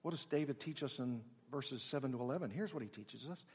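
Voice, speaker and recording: A middle-aged man preaching a sermon, swinging from loud exclamations down to near whispers. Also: mid-range voice, a little fast, few pauses, husky. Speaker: pastor.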